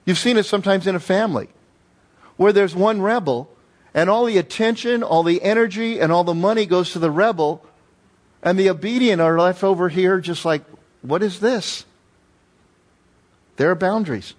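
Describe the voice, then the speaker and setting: Male pastor preaching, highish voice, animated, repeats stuff for emphasis. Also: a little fast. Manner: animated storytelling with emphatic repetition. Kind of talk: sermon.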